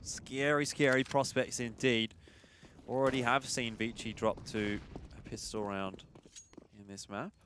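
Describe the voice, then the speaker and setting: A man's voice: lowish voice, a little slow, fairly bright tone, slight background noise. A man doing chatty, analytical commentary on an esports match. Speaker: esports caster. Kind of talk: play-by-play commentary.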